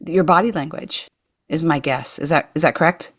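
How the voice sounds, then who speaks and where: Woman, podcast host, low voice, dry close sound, eager, affirming, casual. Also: normal speed, dry recording. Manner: eager, affirming listener with frequent yeahs. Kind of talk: casual interview chat.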